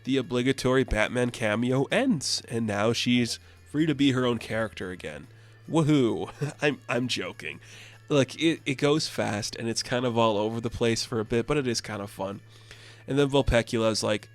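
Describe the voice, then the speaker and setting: A man giving a loose, joking recap of a comic book, tossing off quick asides. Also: mid-range voice, animated, dry recording. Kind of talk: casual comic review.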